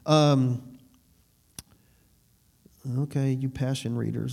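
Guy preaching, kinda high voice, loose and chatty, laughs a lot. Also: moderate pace, a little mellow. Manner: conversational preaching with laughs and asides. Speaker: pastor. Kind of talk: sermon.

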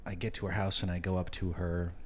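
A man in casual chat, talking in a halting, hesitant way with many restarts. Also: sits low, level tone.

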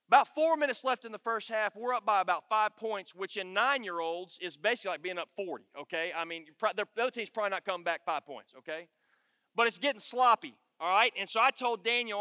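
A man preaches in a high, bright voice and tells stories in an animated, candid way, often pausing to ask "okay?". The room sounds dry, with a long hall reverb trailing behind him. He sounds a little worn out. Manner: animated, candid, self-deprecating storyteller with frequent "okay?" check-ins. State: tired. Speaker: pastor. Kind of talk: conversational sermon storytelling.

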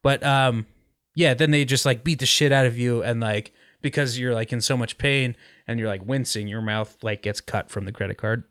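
A man spinning a rambling story on a podcast, full of likes and ums. His voice sits at a middle pitch and is recorded close and dry, with no room sound. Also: fairly even intonation, normal speed, fairly bright tone, no echo. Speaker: podcast host. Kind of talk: casual podcast chat.

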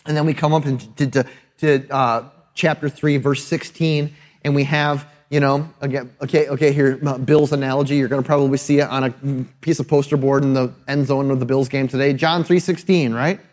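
A man's voice: mid-range voice, flat delivery, brisk, a little mellow. A male pastor preaching a sermon in a conversational, emphatic way, often checking in with his listeners. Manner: conversational and emphatic, often adding tag questions.

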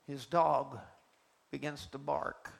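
A man preacher delivering an emphatic, deliberate sermon in a church. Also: medium pitch, flat delivery, vocal fry. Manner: emphatic, slow and deliberate, swinging between soft and loud.

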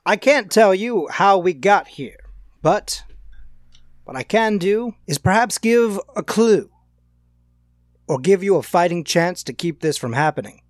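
A man voicing a cryptic, teasing gentleman ghost in a tabletop game, speaking in a smooth, riddling manner. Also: high-pitched, expressive, unhurried, dry recording, studio quality. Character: ghostly old-movie gentleman spirit, cryptic.

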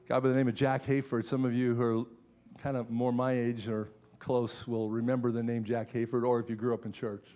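A man's voice: mid-range voice, little pitch movement, fairly quick, warm tone. A middle-aged man, a pastor, preaching a sermon in church with earnest, repeated phrases.

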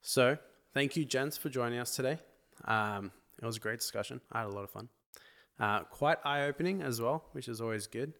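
A man's voice: mid-range voice, brisk, fairly bright tone. A man with an Australian accent, a church intern co-hosting a podcast, reading scripture aloud steadily with small self-corrections.

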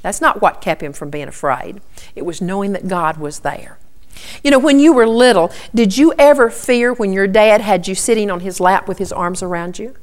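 A woman's voice: mid-range voice, normal speed. A woman giving an earnest Bible teaching, repeating key points and often starting with "okay".

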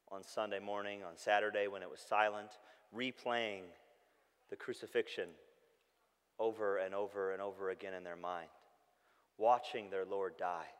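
Animated pastor in a reverberant hall. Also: male voice, on the low side, smooth. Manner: animated storytelling, shouting when acting out calls; drops to a soft, hushed tone when reflective. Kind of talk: sermon.

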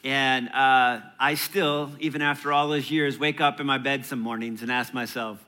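Bright-voiced man preaching casually. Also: medium pitch, steady tone, moderate pace, smooth. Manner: conversational, playful preaching with asides and laughs. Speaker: pastor. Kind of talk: sermon. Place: church.

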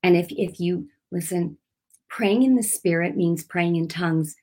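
A woman's voice: fairly low pitch, unhurried, darkish tone. Preaching woman, earnest and conversational, unscripted with frequent restarts. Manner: unscripted, speaking without notes. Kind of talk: informal sermon.

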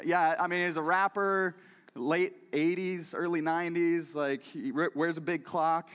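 A man's voice: on the high side, fairly even intonation, moderate pace, fairly bright tone, long reverb tail. A man preaching a conversational sermon who keeps putting questions directly to his listeners. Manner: talks directly to the audience with questions.

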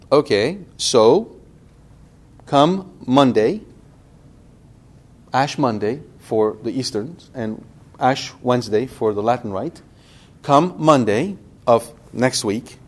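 A priest teaching a Bible study in a conversational way, speaking directly to his listeners and asking them questions. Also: mid-range voice. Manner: lively, talks directly to the audience with questions.

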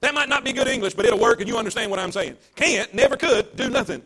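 A man's voice: very high voice, fast, pushed and bright, husky. A man, a pastor preaching a livestreamed sermon to an empty church, emphatic and repetitive, with call-and-response.

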